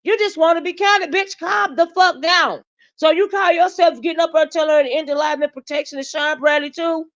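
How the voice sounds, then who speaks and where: A woman's voice: high-pitched, fairly even intonation, fast, few pauses, dull audio. A woman hosting a livestream, giving casual commentary in a sassy, blunt way, drawling with asides to her chat and speaking.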